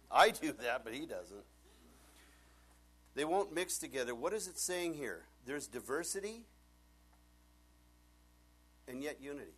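Male pastor, thirties, lively sermon delivery with wide pitch swings and playful acted-out dialogue. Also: brisk, pauses often, a little hiss or hum. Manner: animated, jokey storytelling with voices.

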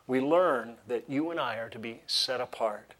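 Male pastor delivering a lively sermon; reads scripture with emphasis, jokes with the audience. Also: medium pitch, normal speed. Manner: animated preaching with humorous asides.

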